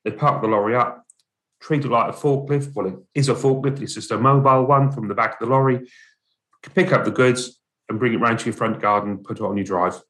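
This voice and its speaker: A man's voice: medium pitch, a little fast. Laid-back man steering the chat. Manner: relaxed, plain-spoken, steers the topics. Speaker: podcast co-host, driver agency office manager. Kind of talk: casual chat.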